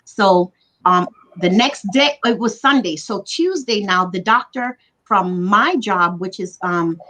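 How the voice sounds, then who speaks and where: A woman's voice: mid-range voice, slow, bright, forceful tone, rough recording. A woman telling her own story as a livestream guest, earnest and emotional, repeating words for emphasis over a video call. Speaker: guest recounting her illness.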